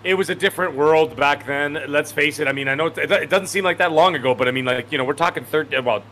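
A man in his forties talks with a bright, tense edge and a fairly high pitch, circling his points and restarting his sentences. Faint noise sits under his voice. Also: fast talker. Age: 40s. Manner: rambling, emphatic, self-correcting. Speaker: podcast co-host. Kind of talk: casual chat.

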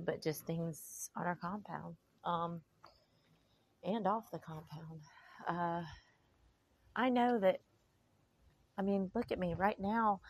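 A middle-aged woman giving an emotional personal testimony, slow and heartfelt with faith-filled sighs and pauses. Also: lowish voice. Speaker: vlogger.

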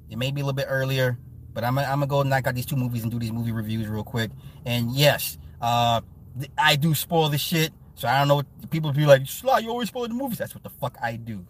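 A man in his forties hosting a casual live stream, chatting with viewers in a blunt, profane and animated way, often laughing. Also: mid-range voice, slight background noise. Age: 40s. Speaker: live-stream host and movie reviewer.

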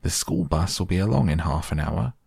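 A man doing a brisk no-nonsense farm mother. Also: sits low, expressive, creaky, a little mellow, slightly rough, no echo, studio quality, exaggerated voice. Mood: firm.

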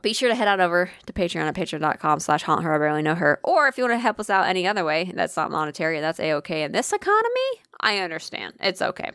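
A woman's voice: fairly low pitch, quick pace, few pauses, fairly bright tone, clear, resonant tone, dry recording, clean studio sound. A woman co-hosting a podcast, doing sign-off plugs in easygoing casual chat. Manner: reactive, laughing asides. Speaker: podcast co-host.

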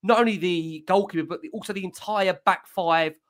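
High-voiced man hosting a fan podcast. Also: brisk. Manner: conversational, steering, slightly hesitant. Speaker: podcast host. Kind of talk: podcast hosting and match review.

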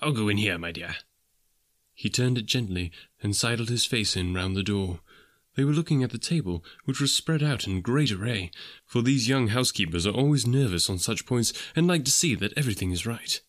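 A man narrates a classic tale with a lively, lilting delivery. His voice sits at an ordinary male pitch. He leans into the rhythm of the sentences. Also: brisk. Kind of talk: storybook reading.

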